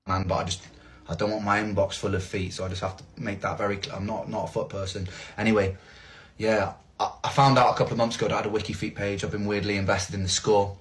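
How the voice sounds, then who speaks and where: A man's voice: lowish voice, level tone, fast talker. A man talking casually to viewers in a wry, self-mocking way, swearing freely. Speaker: streamer in a played clip.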